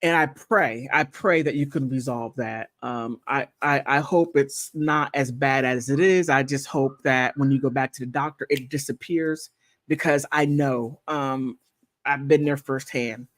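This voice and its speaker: A woman hosting a casual livestream, chatting playfully and thanking viewers, with high laughs and quiet, sincere asides. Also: steady tone, measured pace, no echo, studio quality. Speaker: content creator hosting a livestream. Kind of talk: casual livestream chat reacting to gossip and viewer comments.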